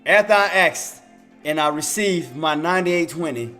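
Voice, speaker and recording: A man's voice: on the high side, lively intonation, moderate pace, pushed and bright, faint music behind. A man streaming live trading commentary, playful and laughing often, repeating himself as he hypes the action. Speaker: day trader streamer.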